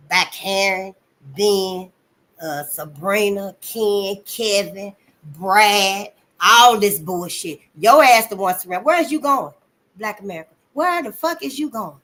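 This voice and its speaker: A woman hosting her channel, giving blunt, profane commentary and calling listeners honey, swinging between loud outbursts and low asides. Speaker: channel host. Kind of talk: impassioned commentary.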